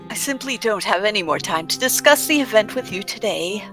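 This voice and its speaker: A woman voicing a prim, melodramatic young widow in a game, her voice lowered from her own. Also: animated, fairly quick, fairly bright tone, faint music behind, lightly acted.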